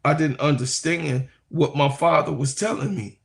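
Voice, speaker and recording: A man hosting a sports live stream who reads chat comments and speaks in a preacherly way, repeating phrases for emphasis and swinging from low asides to loud, high proclaiming. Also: normal speed, vocal fry. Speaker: sports talk host.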